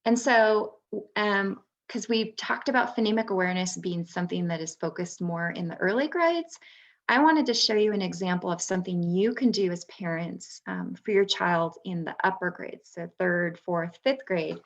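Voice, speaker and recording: A former third grade teacher, speaking in a lowish voice at normal speed, gives an instructional webinar explaining reading skills to parents. She's patient and says "um" frequently.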